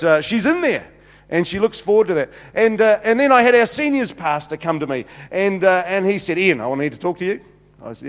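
A middle-aged man, a senior pastor telling funny stories in a sermon with many fillers. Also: high-pitched. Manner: humorous, anecdotal, many fillers. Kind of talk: sermon storytelling. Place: church hall. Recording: long hall reverb.

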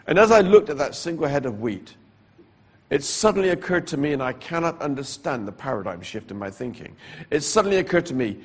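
A man with a husky, slightly rough voice tells his personal testimony from the pulpit. He talks slowly and deliberately, letting pauses carry the weight of the story. A frequent cough interrupts him. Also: mid-range voice, animated. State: coughing repeatedly. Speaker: preacher giving his testimony.

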